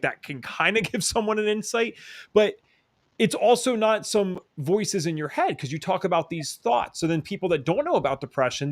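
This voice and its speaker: A man's voice: high voice, no echo, clean studio sound. A man hosting a podcast, talking thoughtfully and correcting himself as he reaches for analogies. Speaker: podcast host. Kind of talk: conversational podcast chat.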